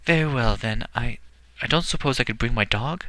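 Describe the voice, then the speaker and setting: Man playing young boy prince, eager, raised pitch, bright tone, dry sound. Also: normal speed, dry recording, natural voice.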